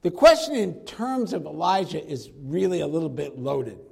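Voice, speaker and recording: A man with a fairly high voice, preaching verse by verse through a Bible passage. His delivery is conversational and lively, and he slips into casual slang when he acts out what the people in the story say. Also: normal speed, vocal fry, husky. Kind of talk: expository Bible teaching.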